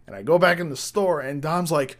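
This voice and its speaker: A man's voice: a little high, brisk. Swearing man telling rowdy stories. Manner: profane, rambling anecdotes with restarts. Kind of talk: casual storytelling.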